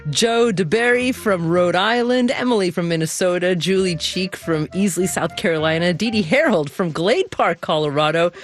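A woman hosting a radio talk show, speaking in an articulate, expressive way from a studio. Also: on the low side, no room sound. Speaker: radio host.

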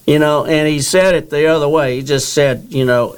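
Earnest middle-aged man, smooth voice. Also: a little high, fairly even intonation, moderate pace, few pauses. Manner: rambling, earnest, repeats words and quotes others. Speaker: guest telling his story. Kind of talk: casual storytelling interview.

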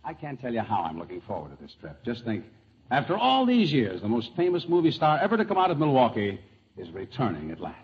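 A man hosting a 1940s radio comedy with a jovial manner and quick laughs. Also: medium pitch, wildly swooping pitch, husky. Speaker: comedy show host. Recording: lo-fi old radio broadcast with hiss.

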